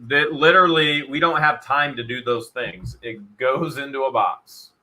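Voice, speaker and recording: A man's voice: a little high, bright, forceful tone, low-quality recording. A middle-aged man hosting a live online auction stream, joking and reading viewer comments aloud. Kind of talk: casual live-stream chat.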